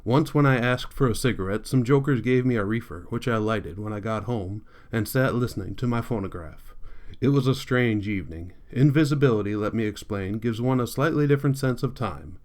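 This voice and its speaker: A man reading a novel aloud as an audiobook narrator, in a measured literary manner. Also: mid-range voice, darkish tone. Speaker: audiobook reader. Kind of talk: scripted narration.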